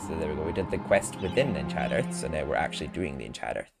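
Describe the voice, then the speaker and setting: A man's voice: rumbling low, lively intonation, quick pace, gravelly. A man streaming casual gameplay commentary, chatty, laughing often and swearing. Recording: game music underneath.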